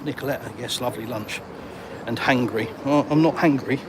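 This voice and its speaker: A man's voice: mid-range voice, a little fast. A man chatting and joking with viewers while live-streaming on a walk outdoors. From England. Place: outdoors on a city street. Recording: outdoor street traffic noise.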